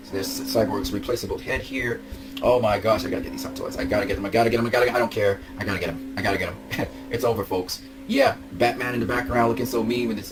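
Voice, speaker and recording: Young man, rapid excited vlog chatter, gushing, music in the background. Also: fairly low pitch, rough recording. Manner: gushing, breaks into laughs and shouts. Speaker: vlogger. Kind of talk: excited toy-collector commentary.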